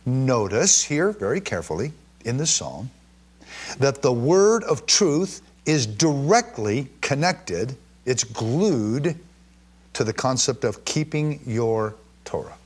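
A man with a slightly husky voice teaches scripture to a live audience, his pitch rising and falling freely as he leans on key words. He reads verses slowly and with weight, then slips into chatty asides and questions for his listeners. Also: very animated. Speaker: Bible teacher.

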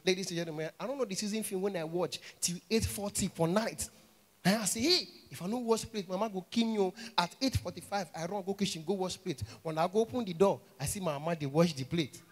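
A young man with a Nigerian accent doing a stand-up comedy set, telling animated stories in a mix of Pidgin and English and acting out characters. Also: sits high, fast. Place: stage at a live show.

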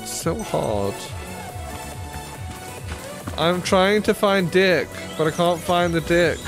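A man chatting on a live stream in a silly, joking way, breaking into squealing falsetto. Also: expressive, slow, over music. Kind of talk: casual live-stream chat.

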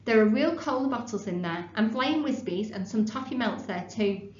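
A woman reading aloud and voicing an eager, excited young schoolboy in a children's storybook. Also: on the high side, normal speed, roomy sound, highs cut off, close to an everyday voice. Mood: proud. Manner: loud and eager.

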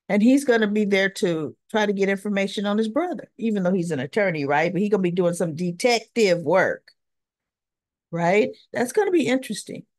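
A woman's voice: medium pitch, darkish tone, no echo, clean studio sound. A woman chatting through a soap opera recap, opinionated and talking straight to her viewers. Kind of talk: casual recap chat.

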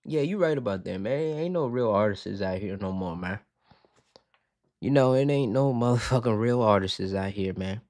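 Man, reaction host, excitable, profane, dry close sound. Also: fairly low pitch, normal speed, no echo. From Virginia, USA. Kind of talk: casual reaction commentary. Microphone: headphones on, talking to camera.

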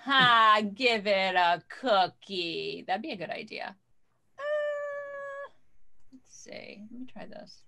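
Woman quilter guesting on a video call; bright, chatty, casual. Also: on the high side, big pitch swings, takes it slowly. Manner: chatty, scattered while fumbling with screen sharing.

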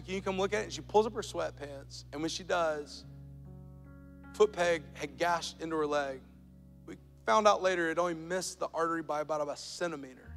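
A man preaching a sermon as pastor, telling a story and building to loud, emphatic points. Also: on the high side. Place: large church auditorium. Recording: church hall reverb with soft music.

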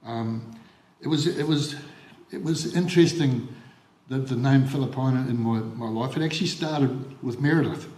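An older man with a New Zealand accent delivers a funeral eulogy, mid-pitched, recalling his coaching years. He talks haltingly, repeating words and filling gaps with ums. The sound is echoey, as in a service hall. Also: darkish tone. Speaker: former rugby league coach giving a eulogy.

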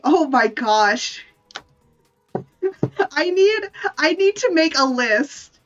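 A woman's voice: a little high, muffled recording. A woman streamer chatting casually while she draws, rambling, correcting herself and laughing often. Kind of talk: casual chat while drawing.

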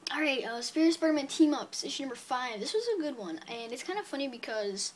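A woman's voice: high voice, expressive, fast talker, slightly rough. A woman casually reviewing her comic book purchases on video, chatty and upbeat, rambling with many fillers.

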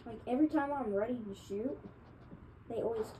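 Woman streaming a shooter game, high voice, hyped and trash-talky, noisy mic. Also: normal speed. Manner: excitable, trash-talking, yelps when killed. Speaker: gaming streamer. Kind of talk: live gameplay commentary.

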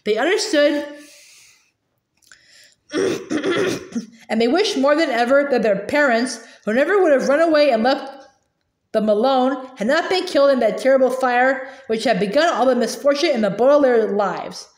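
A woman reading a novel aloud, clearing her throat often and restarting small slips. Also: sits high, animated, normal speed. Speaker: audiobook reader. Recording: roomy echo.

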